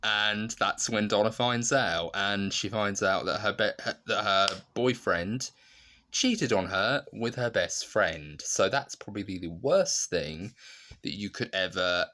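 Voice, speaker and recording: A man's voice: lowish voice, takes it slowly, sharp tone. A man giving a casual, chatty review of a TV sitcom, retelling scenes with lots of fillers and laughter.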